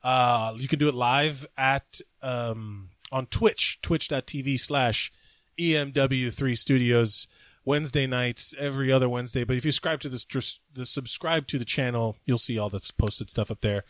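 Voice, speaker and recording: A man's voice: medium pitch, moderate pace, fairly bright tone, no room sound, clean studio sound. A man hosting a podcast, talking loosely, joking and swearing casually. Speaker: podcast host.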